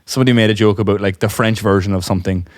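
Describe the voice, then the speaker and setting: A young man co-hosting a podcast, telling a story in casual chat, animated and laughing often. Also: lowish voice, very fast, no room sound, clean studio sound. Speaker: podcast co-host.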